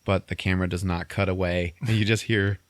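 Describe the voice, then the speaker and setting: Male podcast host, lowish voice, rambly comedic recap, laughs a lot, dry close mic. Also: little pitch movement, brisk, no room sound. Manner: rambling, laughs often, swears casually. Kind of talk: casual comedic movie recap.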